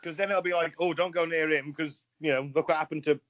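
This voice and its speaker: Teasing podcast co-host. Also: male voice, fairly high pitch, fairly even intonation, fast, a bit bright, no echo, dull audio. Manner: teasing, crude, wisecracking. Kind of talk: casual banter.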